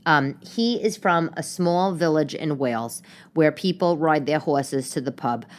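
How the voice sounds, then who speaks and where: A chatty woman tells stories at home in a loose, rambling way, trailing off into side comments. Her voice sits a little low for a woman. She talks casually, like she is chatting with a friend in her living room. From New York. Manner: chatty, rambling, self-interrupting with quick asides. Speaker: podcast host. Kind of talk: casual storytelling monologue.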